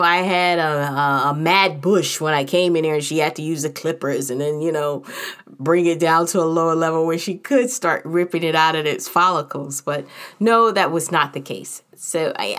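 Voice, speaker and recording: Frank, chatty woman with a lowish voice. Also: moderate pace, fairly bright tone. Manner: frank, candid and humorous; chatty, with many fillers. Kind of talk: casual personal storytelling.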